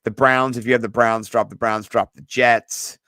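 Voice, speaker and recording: An excitable man co-hosting a sports podcast, rambling through his picks with plenty of fillers and the odd curse. His voice sits at an ordinary pitch. It is recorded close and dry, with no room sound. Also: normal speed, dry recording. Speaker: podcast co-host. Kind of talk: casual sports chat.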